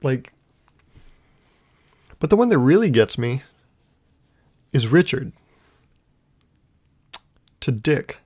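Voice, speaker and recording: A man's voice: medium pitch, big pitch swings, slow, long pauses, darkish tone, breathy edge. A young man hosting a solo podcast, rambling through a casual comedic monologue and laughing at his own jokes. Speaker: podcast host.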